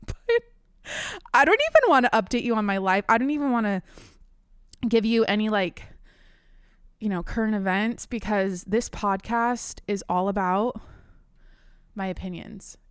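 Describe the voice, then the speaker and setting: A woman's voice: mid-range voice, clean tone, dry recording. A young woman hosting her own podcast from a home desk studio, ranting casually with lots of swearing and restarts. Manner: animated, profane venting with frequent restarts. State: slightly out of breath. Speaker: podcast host. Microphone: desk microphone.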